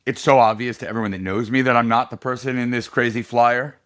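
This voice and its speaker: A middle-aged man running for political office tells a story during a casual podcast interview, lively and laughing often. He talks fast in a medium-pitched voice.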